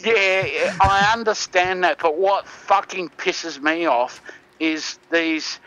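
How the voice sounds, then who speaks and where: A man's voice: high voice, slow, bright, forceful tone, low-quality recording. An Australian man co-hosting over an internet call, chatting casually with profanity and many fillers. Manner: profane, meandering, lots of fillers. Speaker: co-host calling in. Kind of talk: casual chat.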